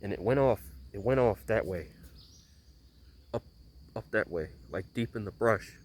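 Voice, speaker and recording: A man with a somewhat low voice talks straight to his camera outdoors, telling a story in a casual vlog. He rambles, circles back and repeats himself, leaning hard on his points. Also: animated, unhurried. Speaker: vlogger. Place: outdoors on a small bridge.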